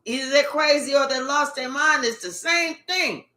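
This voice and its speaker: A woman giving a casual tarot reading, animated and profane, with emphatic outbursts. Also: high voice, normal speed, reverberant. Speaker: tarot reader.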